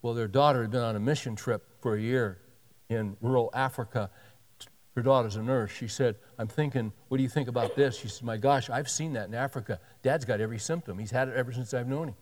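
A man's voice: medium pitch, fairly quick, in a large hall. A male pastor telling a story in a sermon, animatedly acting out the dialogue of the people in it.

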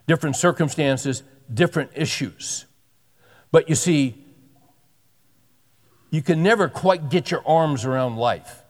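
Earnest preaching man in a reverberant hall. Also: a little high. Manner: earnest, conversational preaching with repetitions and restarts. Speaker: pastor. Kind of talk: sermon.

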